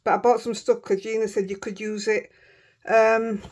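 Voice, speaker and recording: A woman with a Yorkshire accent, a crafting vlogger chatting excitedly and rambling through a casual show-and-tell. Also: fairly high pitch, normal speed. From Yorkshire, England.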